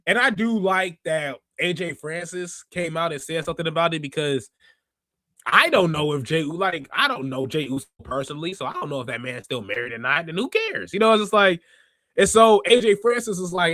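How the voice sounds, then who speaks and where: With a fairly high, slightly bright voice, this animated man from the Chicago area talks a little fast as he hosts a podcast. His wrestling review chat is loose and rambling, with frequent laughter, recorded at studio quality with no echo.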